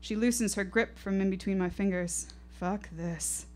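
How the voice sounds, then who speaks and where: A woman's voice: mid-range voice, fairly even intonation, moderate pace. A woman performing an intense, poetic first-person story live on a storytelling stage, with rhythmic delivery.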